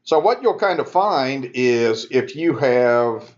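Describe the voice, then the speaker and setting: A math instructor in a recorded lecture explains the steps in a relaxed, conversational way, correcting himself as he talks students through them. He sounds sleepy and yawns, his medium-pitched voice moving slowly. The audio is dull.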